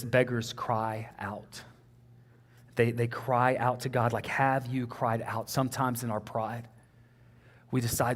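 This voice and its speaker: A young man with a Texan accent preaching a sermon in an earnest, conversational way, often saying "man" and "like". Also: mid-range voice.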